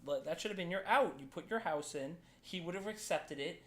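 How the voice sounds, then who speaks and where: A man's voice: high-pitched, lively intonation, a little fast, slight background noise. A man co-hosting a podcast in casual chat, making sarcastic, teasing quips. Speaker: podcast co-host.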